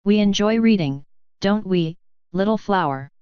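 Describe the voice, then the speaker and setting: A woman's voice: mid-range voice, expressive, unhurried, clean tone, dry recording, natural voice. A woman voicing a sinister, fanged female pony doppelganger with a honeyed, taunting manner, on a dull, dry recording.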